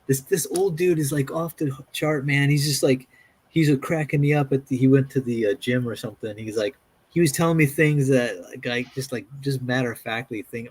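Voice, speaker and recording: A man's voice: mid-range voice, darkish tone, slightly rough. A man in casual chat on a call, telling funny stories and acting out what others said, often laughing. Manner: laughing storyteller, acts out quotes.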